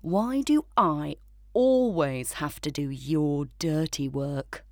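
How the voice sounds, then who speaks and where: A woman's voice: slow pace, a little mellow, no room sound, clean studio sound. Woman doing a sniffy grumbling tomcat. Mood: disdainful. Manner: low, grumbling, contemptuous. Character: haughty pampered male house cat.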